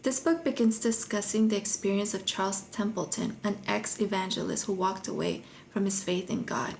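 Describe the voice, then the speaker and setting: Woman reading her book review, earnest and steady, faint hiss behind. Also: mid-range voice, vocal fry. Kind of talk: scripted narration.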